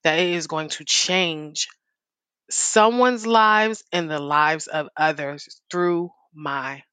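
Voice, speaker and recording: A woman's voice: deep voice, slow, a bit bright, clean tone, dry recording. A woman speaking as a guest on a faith podcast, open and heartfelt, laughing easily.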